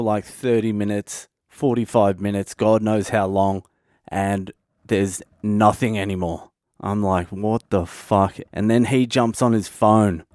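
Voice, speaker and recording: A man's voice: lowish voice, darkish tone, smooth, dry recording, clean studio sound. A man in his thirties from Australia with an Australian accent, telling a comic story on his own podcast in a loose, profane way. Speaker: comedian podcast host.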